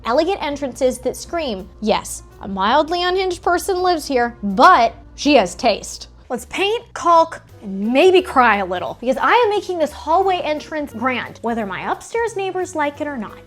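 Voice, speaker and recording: A young adult woman with a high-pitched voice vlogs about renovating her home, speaking at normal speed with few pauses while faint music plays behind her. She tells stories in a casual, sassy, profane way, animated and full of voiced quotes, standing in an indoor hallway of the house.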